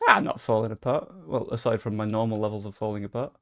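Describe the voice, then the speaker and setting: Gravelly young man commentating gameplay. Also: on the low side, quick pace. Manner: chatty, swearing, excitable bursts. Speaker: gaming streamer.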